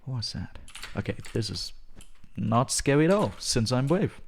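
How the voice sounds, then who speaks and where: A man's voice: mid-range voice, big pitch swings, normal speed, slight background noise. A man live-streaming a game from his home, rambling and joking to his chat with frequent chuckles. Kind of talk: live gaming stream chatter. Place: home room, alone.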